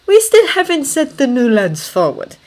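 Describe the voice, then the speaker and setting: A woman reading a story aloud, voicing a loyal, measured male army corporal who speaks plainly. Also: high-pitched, huge pitch swings, pitched above the performer's own voice. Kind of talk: audiobook character voice.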